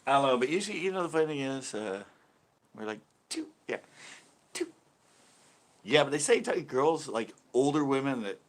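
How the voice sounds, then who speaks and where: A man's voice: fairly low pitch, a bit bright. A man hosting a casual live stream, telling rambling stories, laughing often and reacting to viewer comments. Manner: rambling storyteller who laughs often and reads viewer chat aloud. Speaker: fishing channel host.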